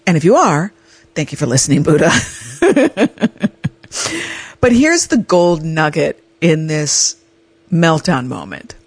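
A woman's voice: sits low, sing-song, moderate pace, breathy edge, no echo. A woman hosting a podcast who tells a personal story in a storytelling monologue and acts out the other people's lines in quoted voices. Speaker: podcast host.

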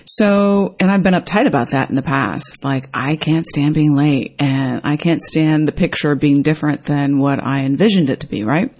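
A woman's voice: moderate pace, few pauses. A woman telling a personal story in a casual, reflective way, acting out what people said with sudden jumps in her voice. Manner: animated, acts out quoted dialogue with big pitch jumps.

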